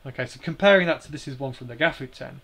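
A man's voice: mid-range voice, racing, fairly bright tone. A man hosting a live stream, explaining slides in a hesitant way with many fillers and restarts.

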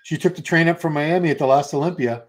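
A man's voice: on the high side, fast, noisy background. Chatty middle-aged male host. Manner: chatty, rambling storyteller. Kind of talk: casual livestream chat.

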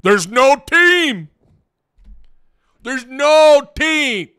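A man putting on a slow, exaggerated Italian accent to play a hammy older male coach. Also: very high voice, sing-song, bright, forceful tone, dry recording, clean studio sound, voice pushed up, heavily acted. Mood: mocking. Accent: put-on Italian. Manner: slow, exaggerated, mocking drawl.

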